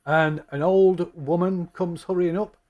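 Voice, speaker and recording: A man running a tabletop game as game master, narrating in a rambling, halting way. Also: high-pitched, fairly even intonation, lo-fi sound.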